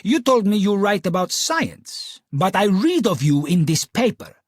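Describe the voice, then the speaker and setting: A tempestuous Italian woman with a honeyed contralto and a lilting Italian accent, performed by a man. She hurls accusations in a husky, lifted voice that climbs and falls wildly. The sound is close and dry. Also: high-pitched, very animated, measured pace, no echo, pitched above the performer's own voice, full character voice. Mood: haughty. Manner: shouting, accusatory. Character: fiery Italian woman, furious, theatrical.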